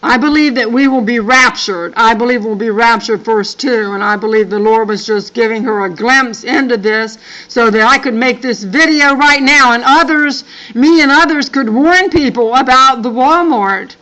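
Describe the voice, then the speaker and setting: A woman's voice: on the high side, normal speed, few pauses, bright, forceful tone, low-quality recording. An older woman and grandmother reading a dream account aloud, breaking off for earnest, apologetic asides. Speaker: channel host.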